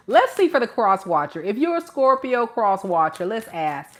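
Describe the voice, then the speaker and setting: A woman tarot reader giving a reading to the camera in an animated, playful, slangy way, laughing often. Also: mid-range voice, normal speed.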